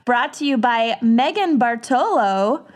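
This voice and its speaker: Higher-voiced, unhurried woman host. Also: lively intonation. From Minnesota. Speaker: podcast co-host. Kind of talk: casual chat.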